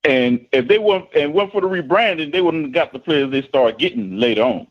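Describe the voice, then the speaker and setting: A man's voice: on the high side, lively intonation, fairly quick, highs cut off. A man calling in to a live show as a coach, teasing the host and then explaining his point at length. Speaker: caller, football coach. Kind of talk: casual call-in chat.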